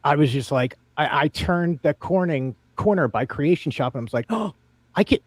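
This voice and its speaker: Male host, casual group chat, lively and higher-pitched, dry close sound. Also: normal speed, no room sound. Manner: animated, laughs often, steers the talk. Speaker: podcast host.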